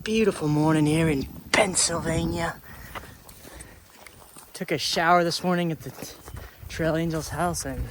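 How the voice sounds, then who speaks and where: Speaking on the high side, this thru-hiker vlogger is a young man chatting casually to a handheld camera as he hikes a rural trail outdoors. He rambles and is easily delighted, and there's slight background noise.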